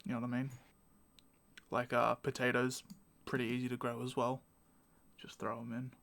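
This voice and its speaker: A man's voice: medium pitch, completely flat delivery, normal speed, creaky, fairly bright tone, slight background noise. A young man hosting a casual podcast chat from home, rambling and self-mocking and laughing often. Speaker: podcast host.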